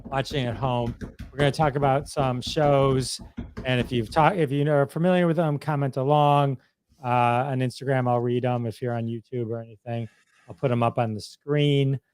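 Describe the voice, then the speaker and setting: A man's voice: medium pitch, fairly even intonation, normal speed, a little mellow, smooth, no echo. A man hosting a casual live-stream chat show, upbeat and chatty, with an announcer-like voice. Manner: upbeat, chatty, laughs often. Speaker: podcast host.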